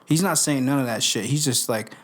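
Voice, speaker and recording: A young man hosting a casual podcast into a studio microphone, talking in a profane, slangy, animated way. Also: mid-range voice, a little fast. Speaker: podcast host.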